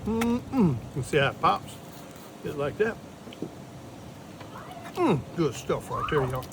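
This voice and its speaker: A man's voice: a little high, big pitch swings, takes it slowly. A man, talking viewers through a crawfish boil outdoors in a folksy, step-by-step way. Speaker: cook showing a crawfish boil. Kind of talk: casual cooking demonstration. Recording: loud outdoor noise.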